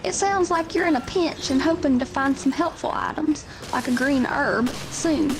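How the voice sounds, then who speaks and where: A woman's voice acting as an AI co-host, calmly and wordily restating what the player says. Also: high-pitched, moderate pace, background noise. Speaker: AI chat companion co-host. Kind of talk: reflective listening commentary.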